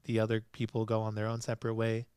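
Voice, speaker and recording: A man's voice: fairly low pitch, completely flat delivery, fast, a little mellow, clear, resonant tone, no room sound, clean studio sound. A young man hosting a solo podcast, chatting casually and laughing often as he recaps episodes. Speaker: podcast host.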